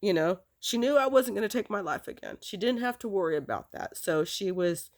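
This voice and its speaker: A woman telling a personal story in a rambling, halting way, chuckling now and then. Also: medium pitch, lively intonation.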